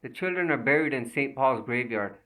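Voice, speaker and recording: A man reading an audiobook, voicing a calm, matter-of-fact detective. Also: medium pitch, normal speed, far from the mic, poor audio.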